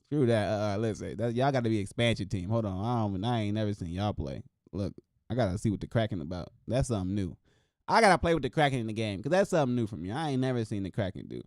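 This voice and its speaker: Excitable slangy man on a solo sports show. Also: fairly low pitch, fast talker, no room sound, clean studio sound. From Wisconsin. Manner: loose, excitable, slangy, talks to viewers as y'all. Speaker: host. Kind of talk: casual solo commentary.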